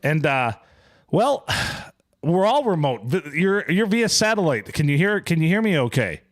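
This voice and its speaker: Male podcast host, animated high-ish voice, quick to laugh, crude casual banter. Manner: joking, laughs often, lively pitch. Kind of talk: casual podcast chat over remote call.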